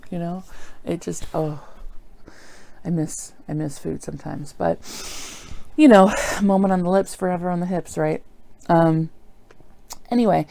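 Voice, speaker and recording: A woman's voice: deep voice, vocal fry, warm tone, no room sound. A middle-aged woman talking earnestly and apologetically in a rambling personal video diary, full of fillers. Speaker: vlogger.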